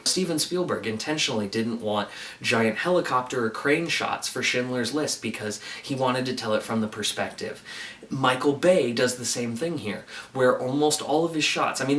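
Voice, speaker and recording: A man's voice: medium pitch, fairly bright tone. A man giving a casual, earnest and enthusiastic movie review, often saying "like". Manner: earnest and enthusiastic, with frequent "like" fillers. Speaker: film reviewer. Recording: roomy echo, distant from the mic.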